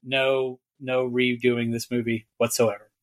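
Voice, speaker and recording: A man's voice: medium pitch, level tone, measured pace. A man co-hosting a casual geek podcast, rambling and laughing often. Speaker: podcast co-host. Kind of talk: casual chat.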